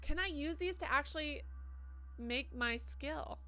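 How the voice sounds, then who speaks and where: A woman's voice: high voice, unhurried, sharp tone, soft background music. A young woman streaming a game live, chatting casually and cursing as she reads viewer messages aloud. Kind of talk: live gameplay commentary.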